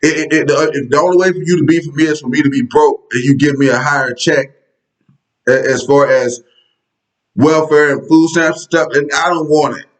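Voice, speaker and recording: A man's voice: a little high, fairly even intonation, moderate pace, rough recording. Man, casual political rant, profane, sarcastic, talks straight to viewers. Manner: conversational, addresses viewers directly. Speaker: political commentary vlogger.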